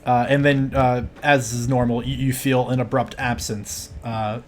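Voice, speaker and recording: A man as game master narrating a tabletop role-play game in a measured, hesitant way with many fillers. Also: medium pitch, little pitch movement, a little hiss or hum.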